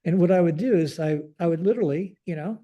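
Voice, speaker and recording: A retired Air Force general in his sixties, appearing as a podcast guest, tells stories in a mellow, slightly high voice. His speech is halting, with frequent restarts, and he keeps tacking "like this" onto his sentences.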